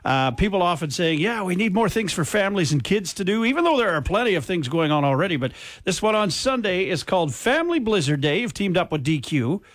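A man hosting a morning radio show, chatting with guests in bright, bouncy banter and laughing often. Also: high voice, brisk, hardly any pauses. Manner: lively, bouncy delivery with frequent laughs.

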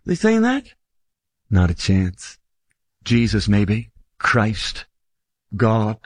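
A man preaching a sermon in an emphatic style, lifting his voice for stress and slowing down on key phrases. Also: fairly even intonation, husky, no echo. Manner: emphatic, swings pitch widely for stress, slows on key phrases.

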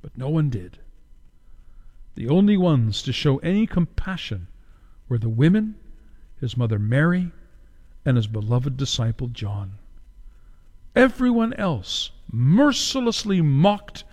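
A man preaching a sermon as a pastor, dramatic, rising to loud emphatic questions. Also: medium pitch, sing-song, unhurried, pauses often. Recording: long echo of a large hall.

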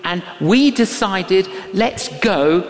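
An older man preaches with a high, swooping voice. He takes his time, leaning into each phrase and acting out the people in his stories. His words ring out with the long reverb of a large hall. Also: slow. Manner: animated, emphatic, acts out quoted voices. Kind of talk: sermon with storytelling.

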